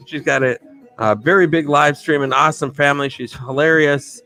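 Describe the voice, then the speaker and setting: A man hosting a live stream, giving rambling, enthusiastic shout-outs to viewers. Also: a little high, steady tone, normal speed. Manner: enthusiastic, rambling, repeats himself. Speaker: livestream host. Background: faint music.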